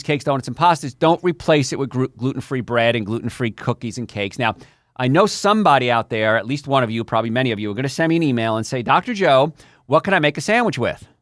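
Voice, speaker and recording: Animated older male doctor talk host. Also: mid-range voice, no echo, studio quality. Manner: animated, chatty, direct address to listeners. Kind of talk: health talk show monologue.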